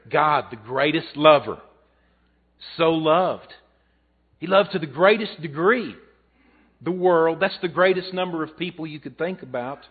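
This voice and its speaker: A man's voice: mid-range voice, slightly rough. A male pastor preaching a sermon, telling a story and swelling and dropping his voice for emphasis. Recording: tinny phone-like audio.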